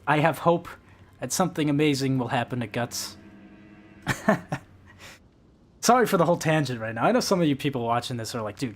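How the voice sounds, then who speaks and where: A man streaming a game live, chatting casually with viewers in a profane, animated rant. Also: medium pitch.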